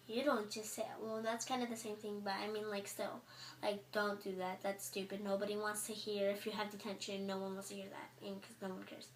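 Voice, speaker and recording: A woman's voice: fairly high pitch, flat delivery, a little fast, bright, forceful tone. A teenage girl vlogging in a casual, chatty way, exasperated and acting out what others say. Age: teens. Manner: chatty, exasperated, acts out quotes. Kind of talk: casual chat to camera. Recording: echoey room with faint noise.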